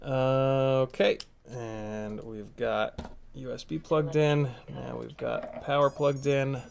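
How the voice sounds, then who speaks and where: A man's voice: medium pitch, fairly even intonation, slow pace, creaky, a little mellow. A man hosting a casual live stream from a home workspace, chatting easily, joking, and reading out viewer comments while he works. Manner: easygoing, jokey, reads out viewer comments.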